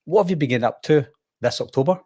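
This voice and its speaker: A man's voice: on the high side, fast talker, a little mellow, husky. Chatty host man. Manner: chatty, rambling, laughs easily. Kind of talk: casual live-stream chat.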